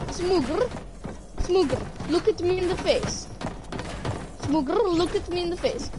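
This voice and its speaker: With a very high voice, a measured pace and long pauses, this woman chats casually while streaming a game. She playfully teases her friends in a sing-song manner against noisy game stream audio.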